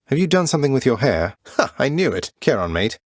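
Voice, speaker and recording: An actor playing a wry, good-natured young prince of the underworld, with a dry, polite manner in game voice lines. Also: male voice, mid-range voice, sing-song, a little fast, dry recording. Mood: joking. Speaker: video game protagonist. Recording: dry studio recording.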